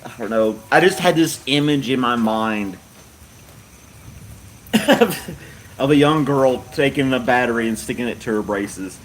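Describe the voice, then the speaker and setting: Male livestream host, casual chat, frequent helpless laughter, unhurried. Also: mid-range voice, animated, slight background noise. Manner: laughs hard and often while talking.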